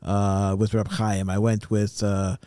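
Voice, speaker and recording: Halting, mellow-voiced man in talk chat. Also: on the low side, little pitch movement, clean tone, no room sound. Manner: thoughtful, halting, many uh fillers. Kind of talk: casual podcast chat.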